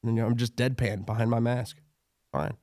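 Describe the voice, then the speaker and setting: A man's voice: mid-range voice, fairly even intonation, brisk, mellow, no echo, clean studio sound. A man co-hosting a podcast, chatting casually and easily, often laughing. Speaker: podcast co-host. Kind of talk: casual chat.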